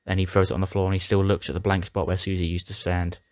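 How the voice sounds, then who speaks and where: A man's voice: deep voice, little pitch movement, quick pace, darkish tone, dry recording, clean studio sound. A man casually recapping his playthrough of a wrestling sim game, retelling storylines with dramatic flair. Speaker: gaming YouTuber.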